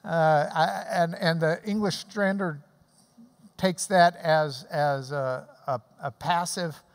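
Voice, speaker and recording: A pastor preaching a sermon, telling stories and explaining scripture in an animated way and acting out the clapping. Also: mid-range voice, takes it slowly. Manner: animated storytelling, mimics clapping. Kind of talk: sermon with Bible teaching. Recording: long hall reverb.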